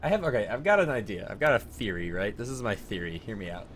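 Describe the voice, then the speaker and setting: A young man jokes his way through a game stream, chatting with a friend. His voice swings up and down as he riffs, with steady noise behind him. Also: on the low side, fast talker. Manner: joking, animated, does silly voices. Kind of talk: casual gameplay chat.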